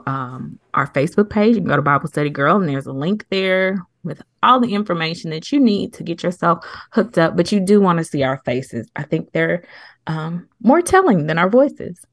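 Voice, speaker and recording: Woman, podcast co-host, casual chat, rambling, slightly out of breath, lowish voice, dry close sound. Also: expressive, normal speed, gravelly, no echo. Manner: chatty, rambling, laughs easily. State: a little out of breath.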